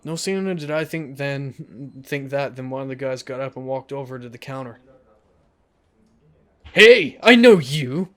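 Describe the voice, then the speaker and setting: A man's voice: mid-range voice, fairly even intonation, normal speed, hardly any pauses. A man hosting a let's play, reading a visual novel aloud and adding joking, self-deprecating asides.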